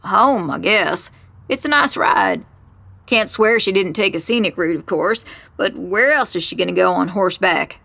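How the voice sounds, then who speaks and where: A woman voicing a gruff, curt middle-aged male stable manager with a central Kentucky accent, in a one-reader audio drama. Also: medium pitch, lively intonation, moderate pace, a bit bright, no room sound. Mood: irritated. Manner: curt, irritated.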